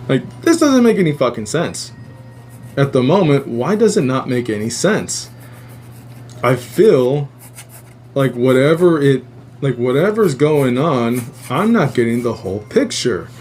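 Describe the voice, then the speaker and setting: A podcast host recounts a strange dream in a casual, profane, animated way, acting out the quotes. His medium-pitched voice is a little slow, and there is slight background noise.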